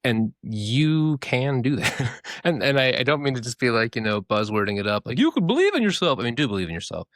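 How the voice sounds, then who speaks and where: A young man co-hosting a podcast, telling stories in a casual, animated way, swearing freely and mimicking voices. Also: medium pitch, brisk, no echo, studio quality. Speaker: podcast co-host.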